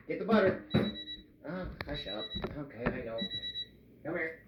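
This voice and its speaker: A man's voice: on the high side, lively intonation, a little slow, long pauses. A middle-aged man casually kneading bread dough for a vlog, playful and goofy, talking to the dough as he works. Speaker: home baker. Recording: echoey kitchen, dull lo-fi sound with noise.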